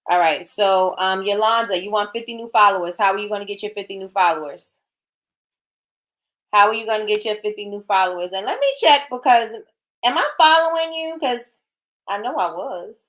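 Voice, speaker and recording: A middle-aged woman hosts a casual livestream and talks straight to her viewers. She is chatty and encouraging, and she reads their comments aloud as she goes. Her voice sits at an ordinary middle pitch. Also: fairly quick, fairly bright tone. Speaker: livestream host.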